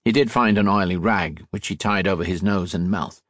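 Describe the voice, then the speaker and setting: A man narrating an audiobook in a steady, measured storytelling manner. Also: low voice, no echo. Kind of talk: scripted narration.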